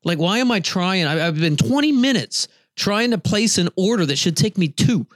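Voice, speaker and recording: A man's voice: high voice, expressive, moderate pace, dry recording, studio quality. A middle-aged man co-hosting a podcast, telling a long story in casual chat and laughing often. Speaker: podcast co-host.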